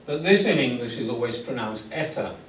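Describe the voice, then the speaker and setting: A man's voice: mid-range voice, a little slow. A man giving a classroom lecture in an explanatory way, often restarting his sentences. He speaks from a distance in an echoey classroom, with faint background noise. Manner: explanatory, frequent restarts and fillers.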